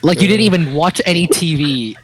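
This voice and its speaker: A man's voice: fairly high pitch, brisk, a little hiss or hum, poor audio. A young man co-hosting a podcast in casual chat, teasing the others and riffing on jokes, often cutting in. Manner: teasing, jokey, interrupts with bits. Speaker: podcast co-host.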